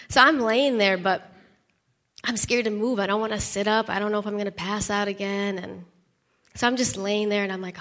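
Bright-voiced woman sharing a church testimony. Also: medium pitch, normal speed, long reverb tail. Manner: animated storytelling, laughing, whispered asides. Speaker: pastor's wife giving testimony.

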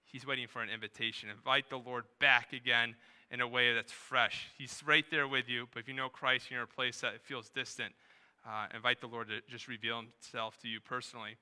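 A male pastor preaching a sermon to a live church service in a conversational way, with quick asides and rising emphasis. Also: medium pitch, level tone, bright, forceful tone, clear, resonant tone. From New Hampshire, USA.

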